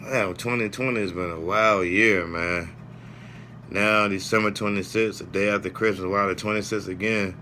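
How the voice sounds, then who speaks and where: Casting: man, low-ish voice, bright and forceful, loose rambling reviewer, faint vehicle hum behind. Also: fairly even intonation, moderate pace. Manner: rambling, heartfelt, frequent "man" and "you know". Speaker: wrestling show reviewer. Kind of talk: casual spoken review.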